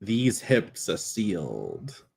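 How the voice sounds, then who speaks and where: A man voicing a lonely young male adventurer who talks slowly and pensively in a dry tone. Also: deep voice, wildly swooping pitch, gravelly, darkish tone, pitched below the performer's own voice, full character voice. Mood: sly, dry.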